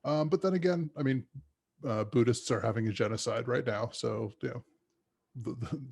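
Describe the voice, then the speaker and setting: A man talking through films in a loose, rambling podcast chat, often restarting his sentences. His voice has a gravelly, fry-laden texture and a breathy huskiness. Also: medium pitch, normal speed, a little mellow. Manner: rambling, many restarts and fillers. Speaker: podcast co-host. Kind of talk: casual movie discussion.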